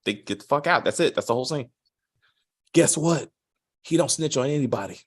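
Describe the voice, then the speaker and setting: Lively, profane male TV reviewer. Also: mid-range voice, brisk, husky. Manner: animated, swearing, mocking retellings with acted quotes. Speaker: TV show reviewer. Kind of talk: casual profane review chat.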